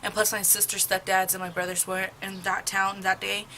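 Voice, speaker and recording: Doing her makeup at home, a young adult beauty vlogger rambles through a gossipy, profane storytime in a casual get-ready-with-me chat. Her mid-range voice barely moves in pitch, with a moderate pace and a bright, forceful tone, while the poor audio carries slight background noise.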